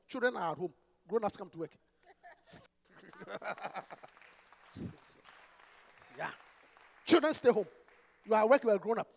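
A man, a pastor preaching an emphatic, animated sermon full of rhetorical questions. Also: sits high, long reverb tail.

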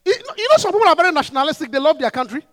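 Very high-voiced animated preacher. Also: male voice, rapid-fire, no echo, clean studio sound. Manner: animated, laughing, rising to shouts. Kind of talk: sermon.

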